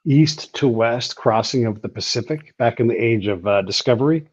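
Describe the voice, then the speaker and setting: A man hosting a podcast chats casually and tells stories, jumping up in pitch when he acts out what others said. His sound is a little dull and lo-fi, with the top end missing. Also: moderate pace, breathy edge, dry recording. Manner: animated storyteller, acting out quotes with a rising voice. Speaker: podcast host.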